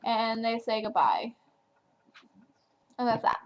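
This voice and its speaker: A woman's voice: on the high side, very animated, slow, dull audio, background noise. A young woman from New Jersey reviewing a book in a casual vlog, chatty and full of fillers. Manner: chatty, filler-heavy, gushing. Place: home, at night.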